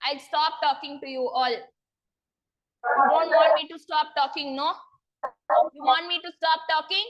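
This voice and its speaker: A woman's voice: high voice, fairly even intonation, a little slow, highs cut off, slight background noise. Woman as a patient lecturer, drawls each point twice, quizzing students. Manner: repeats phrases, quizzes students often. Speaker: teacher. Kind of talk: online class lecture.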